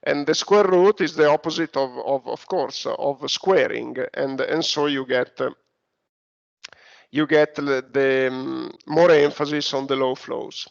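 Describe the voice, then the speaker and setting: A man's voice: medium pitch, steady tone, a little slow, vocal fry. A man with an Italian accent giving an online university lecture, hesitant, with many fillers and restarts. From Italy. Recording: dull lo-fi recording.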